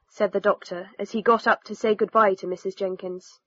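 A woman narrating a textbook story in a clear, steady reading voice. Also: mid-range voice, fairly quick, dry recording. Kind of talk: scripted narration. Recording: dull lo-fi recording.

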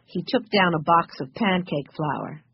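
A narrator reading a children's storybook aloud, clear and expressive. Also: mid-range voice, a little slow, muffled recording, slight background noise. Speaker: audiobook narrator.

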